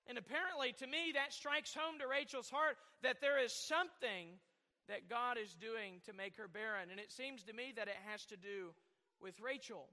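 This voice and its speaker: A man's voice: very high-pitched, moderate pace, bright, forceful tone, in a large hall. A man preaching a sermon, rambling at times and asking the congregation questions. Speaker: pastor.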